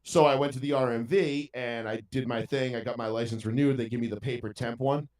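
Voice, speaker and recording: A man's voice: medium pitch, fairly quick. Profane man, roomy and distant. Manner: profane, animated ranting storyteller. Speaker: podcast co-host. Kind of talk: casual storytelling chat. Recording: roomy sound from a distant mic.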